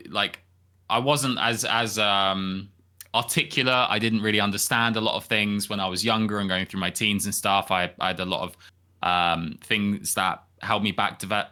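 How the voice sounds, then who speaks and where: A young man co-hosting a podcast, speaking gently and hesitantly, often repeating his words. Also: lowish voice. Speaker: podcast co-host. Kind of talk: casual podcast chat.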